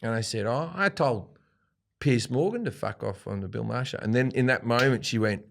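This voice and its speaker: An Australian man, a comedian guest, telling a profane anecdote in an animated way and acting out quotes. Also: mid-range voice, a little fast, creaky, slight background noise. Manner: animated, swearing freely, acts out quotes.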